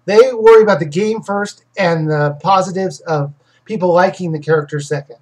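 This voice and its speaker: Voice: medium pitch, normal speed, darkish tone, low-quality recording. A game reviewer hosting a casual live question session who rambles, restarts sentences and gives opinions on games. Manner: rambling, self-correcting, many restarts.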